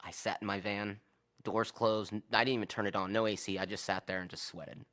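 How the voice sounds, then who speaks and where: A man's voice: fairly low pitch, fairly quick. A man in casual podcast chat, retelling an argument with lots of swearing and quoted back-and-forth. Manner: animated, profane, acts out both sides of arguments.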